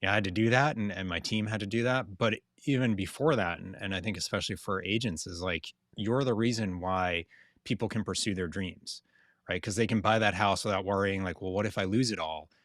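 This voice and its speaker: Low-voiced man with a Boston accent. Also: brisk, a bit bright, no room sound, studio quality. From New England. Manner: loose, rambling, with many fillers. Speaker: guest, insurance consultant. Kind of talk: casual interview talk.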